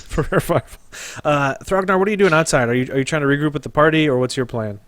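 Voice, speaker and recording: A man's voice: a little high, quick pace, a bit bright, no echo. Laid-back male game master. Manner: casual, with frequent laughs and fillers. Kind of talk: narrating a tabletop game.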